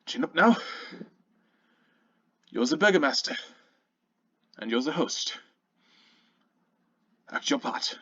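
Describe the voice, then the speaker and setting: A man voicing a warm, fatherly male half-orc burgomaster who speaks softly and reassuringly, on a muffled lo-fi recording. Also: on the high side, big pitch swings, takes it slowly, long pauses, husky, heavily acted. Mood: self-encouraging. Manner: soft, gentle and reassuring.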